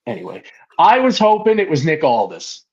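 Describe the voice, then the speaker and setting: A man's voice: high-pitched, moderate pace, gravelly, husky, muffled recording. A man co-hosting a podcast, telling stories in casual chat with plenty of swearing. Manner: animated, profane storytelling with loud acted quotes. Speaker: podcast co-host.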